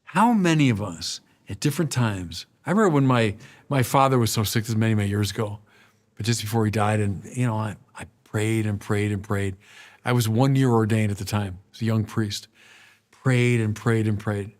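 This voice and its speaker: A man's voice: on the low side, moderate pace. Male priest, middle-aged, sermon, conversational, rhetorical questions, repeats himself. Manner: conversational preaching, repeats words and restarts, rhetorical questions to listeners.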